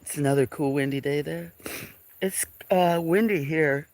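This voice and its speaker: A man's voice: a little high, unhurried, a little mellow, no echo. Sniffly man rambling on a farm livestream. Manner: rambling, friendly, reading chat names aloud, sometimes whispering. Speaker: livestream host. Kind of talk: casual livestream chat greeting viewers. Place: outdoors on a farm. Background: birds.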